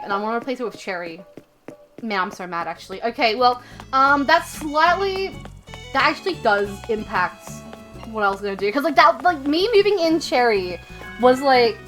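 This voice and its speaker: A woman from Australia, chatting casually on a live stream, rambling with lots of fillers and frequent swearing. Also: on the high side.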